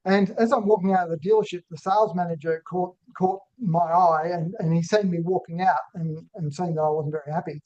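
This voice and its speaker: High-voiced man presenting a webinar. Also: fairly even intonation, fairly quick, few pauses, a little mellow. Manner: conversational, checks in with listeners using "right?". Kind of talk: business webinar talk with personal story. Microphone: online call microphone. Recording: dull lo-fi webinar audio.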